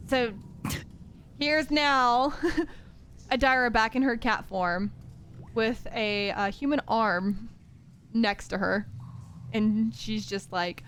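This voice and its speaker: A woman's voice: fairly high pitch, slow pace, long pauses, fairly bright tone, soft background music. A woman narrating as game master of a tabletop game, rambling with many fillers. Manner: rambling, filler-heavy, laughing.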